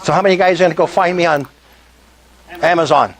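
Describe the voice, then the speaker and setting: A man's voice: fairly high pitch, fast. An older man giving an enthusiastic sales presentation at a meetup, often asking the audience questions. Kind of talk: sales presentation to a live group.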